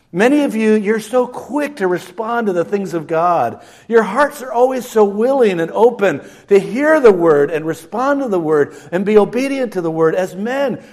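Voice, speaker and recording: A middle-aged male pastor preaching a sermon, swinging from hushed asides to loud emphatic lines. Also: high voice.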